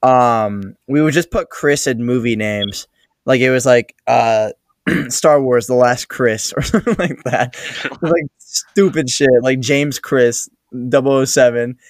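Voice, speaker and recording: Relaxed young man telling a story. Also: medium pitch, a little slow, no echo, clean studio sound. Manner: loose, rambling, swears casually. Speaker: podcast co-host. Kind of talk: casual chat, storytelling.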